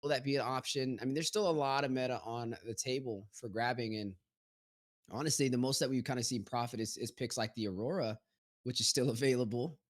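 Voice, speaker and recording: A man's voice: medium pitch, a little fast. Analytical male esports caster. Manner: analytical, asks co-casters questions. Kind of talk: live esports commentary.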